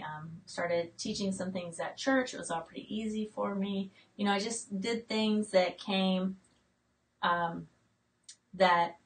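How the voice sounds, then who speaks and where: A woman in her late forties, chatting casually on a live stream and reading out viewer comments as they come in. She talks in a fairly low register, with frequent fillers and restarts. Her voice sits a little away from the mic. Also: a bit bright, distant mic, low-quality recording. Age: late 40s. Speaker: homestead channel host.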